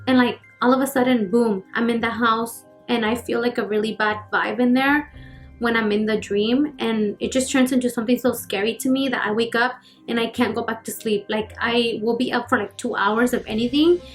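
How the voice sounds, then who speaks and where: A woman in her twenties telling a personal story in a casual vlog, chatty and full of fillers, acting out the scenes. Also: fairly high pitch. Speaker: YouTuber. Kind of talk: casual storytelling while getting ready. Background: faint background music.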